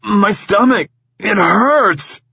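A man's voice: sits high, very slow, gravelly, slightly rough, dull audio, voice pushed up, exaggerated voice. A man voicing a young male prisoner who fakes pain to escape, with strained, groaning pleas.

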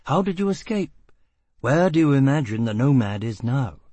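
A man voicing a calm, persuasive male doctor who speaks in a coaxing, clinical way. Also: mid-range voice, moderate pace, dry recording.

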